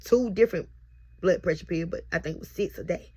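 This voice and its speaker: A woman's voice: fairly low pitch, brisk, a little mellow, slightly rough. A young mother recording herself on camera as she tells a heartfelt, repetitive birth testimony. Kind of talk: emotional personal testimony. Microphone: self-recorded on camera.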